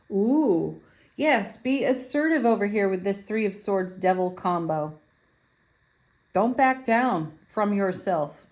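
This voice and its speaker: A woman giving a spiritual tarot card reading in a gentle, affirming way, laughing softly now and then. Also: mid-range voice, a little hiss or hum.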